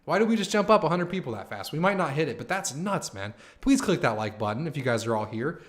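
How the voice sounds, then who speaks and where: Young male streamer, casual and profane, excitable, mid-range voice. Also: medium pitch, quick pace, hardly any pauses. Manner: excited, profane, slangy, says "man" and "dude" often. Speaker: livestream host. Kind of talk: casual live stream chat.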